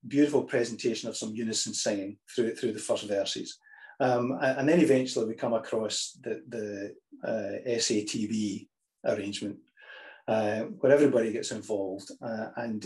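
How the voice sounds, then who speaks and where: A man teaching healthy, lively choral singing, talking through the ideas and breaking into sung examples with frequent restarts. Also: on the low side, normal speed. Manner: demonstrates phrases by singing, restarts often.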